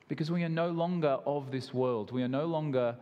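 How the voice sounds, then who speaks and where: A man's voice: fairly high pitch, brisk, in a large hall, dull audio. A man with an Australian accent, preaching a sermon in an earnest, conversational way with self-deprecating asides. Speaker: pastor.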